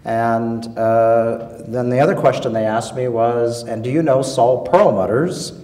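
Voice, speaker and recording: A man telling a story as a guest on a public panel, wry and halting, with plenty of fillers. He sounds set back from the microphone. The long tail of a large hall carries his voice. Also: mid-range voice, steady tone, dark tone. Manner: wry, hesitant with many fillers. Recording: echoey hall, voice from far off.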